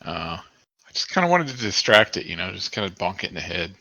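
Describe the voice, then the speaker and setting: A man's voice: deep voice, sing-song, brisk, gravelly, pushed and bright, no room sound. A man playing a tabletop game, casual and playful, on a dull lo-fi mic. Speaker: player.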